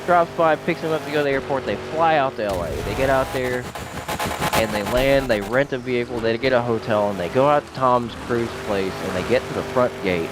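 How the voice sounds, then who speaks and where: A man hosting a gaming video, casually telling a long joke and jumping into high voices for the people in it. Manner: animated, jumps into high voices for quoted characters. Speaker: gaming channel host. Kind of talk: casual joke storytelling over gameplay. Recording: game engine and vehicle noise behind. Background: monster truck game sounds.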